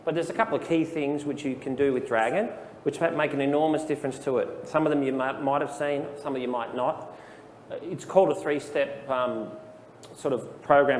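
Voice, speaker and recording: A man presenting a live training session, casual and explanatory, dropping in plenty of ums. His voice sits at a middle pitch and carries a long room reverb with a faint hum behind it. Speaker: software trainer. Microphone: handheld dictation microphone.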